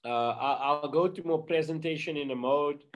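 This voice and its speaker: A man's voice: on the high side, normal speed. A man with a South African English accent, presenting chattily and upbeat to a church group on a video call. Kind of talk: casual online meeting presentation.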